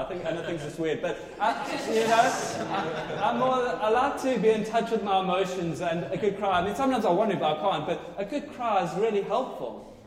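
A man preaching a sermon with loud, passionate, exclaiming delivery. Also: sits high. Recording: echoey hall, faint ambience.

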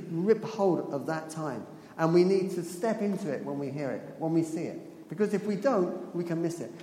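In an echoey hall with a faint hum of the room, a preacher delivers his sermon like a story, chatting, laughing frequently and repeating phrases to drive points home. His pitch is fairly high and his tone dark.

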